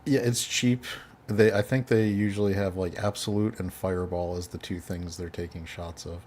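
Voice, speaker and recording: A man's voice: deep voice, fairly even intonation, moderate pace, a little mellow, a little hiss or hum. A male podcast host in casual chat, chuckling often as he talks.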